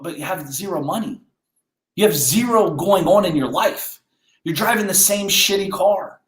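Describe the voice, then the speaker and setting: A man's voice: sits high, fairly bright tone, reverberant. A man hosting a podcast, giving a blunt, fired-up motivational monologue full of rhetorical questions. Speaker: podcast host.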